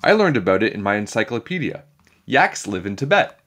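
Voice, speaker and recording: A man's voice: lowish voice, big pitch swings, fairly quick, a bit bright. A man voicing a bossy, smug know-it-all schoolgirl who lectures prim and proper in a storybook reading.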